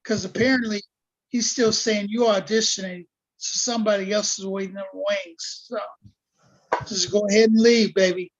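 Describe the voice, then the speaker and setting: A man's voice: high-pitched, steady tone, normal speed. A man in a casual chat show giving blunt, opinionated relationship advice. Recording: dull lo-fi sound.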